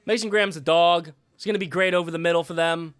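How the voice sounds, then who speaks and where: A male live-stream host with a high, bright voice talks in a loose, casual way. He rambles and thinks out loud as he reacts, and breaks off to thank viewers. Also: steady tone, fast, clean tone.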